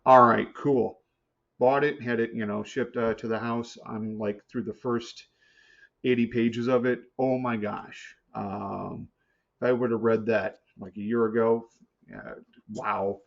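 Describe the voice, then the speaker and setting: A man's voice: medium pitch, fairly even intonation, unhurried, gravelly. Hesitant man on a muffled video call. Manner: hesitant, many fillers and restarts. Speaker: support group member. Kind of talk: casual chat on a video call. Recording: slightly muffled call audio.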